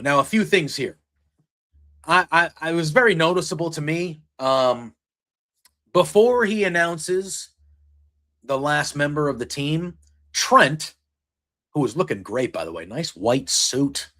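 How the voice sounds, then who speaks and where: A man with a slightly higher voice hosts a casual wrestling recap. He rambles from one moment to the next, retelling what was said in quotes and filling gaps with "you know" and "um.". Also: expressive, unhurried, pauses often, fairly bright tone. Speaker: podcast host recapping wrestling.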